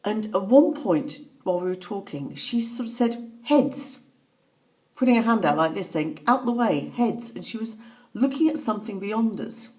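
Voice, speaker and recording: A woman speaking softly and haltingly, telling a personal story as reflective testimony. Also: medium pitch, lively intonation. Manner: soft-spoken, halting, with pauses and fillers. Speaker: author recounting a personal story.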